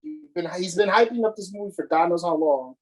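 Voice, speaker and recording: A man's voice: high voice, fairly quick, darkish tone, rough recording. Profane, ranting male podcast co-host. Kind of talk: casual chat.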